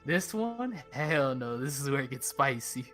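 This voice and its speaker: Male tabletop player, excitable, loud bursts, mid-pitched voice, casual. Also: a little slow, faint music behind. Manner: excitable, loud bursts when rolling dice. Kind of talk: casual tabletop game chat.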